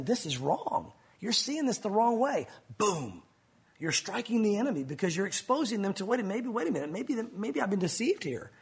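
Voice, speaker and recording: Man, pastor, sermon, high pitch, husky tone, animated delivery. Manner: animated, acts out bible scenes with sound effects.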